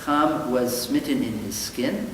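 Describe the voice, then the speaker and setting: A man's voice: mid-range voice, slow pace, fairly bright tone, recorded from a distance. A man who is a rabbi, teaching a conversational Talmud class and acting out the quoted dialogue in his stories. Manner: thoughtful, acts out quoted dialogue with livelier voice. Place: synagogue study hall. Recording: very echoey hall, faint noise.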